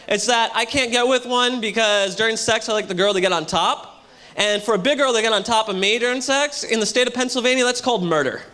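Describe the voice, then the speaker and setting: A man doing a loud, punchy stand-up comedy set on a hotel ballroom stage, with a live audience audible. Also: very high voice. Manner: loud, punchy delivery to a crowd.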